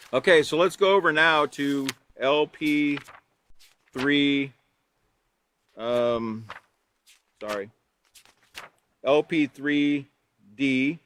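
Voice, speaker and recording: A man's voice: medium pitch, a little hiss or hum. A man leading a live online training course for teachers, reading steps from a manual and explaining them with examples. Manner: reads from a manual, then explains with lively examples.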